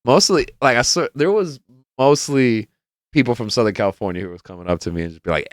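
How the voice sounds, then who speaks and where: Young male podcast host, casual storyteller who curses and laughs; smooth, resonant voice, mid pitch. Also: fast, no room sound, clean studio sound. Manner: rambling, laughs often, swears freely, acts out quotes.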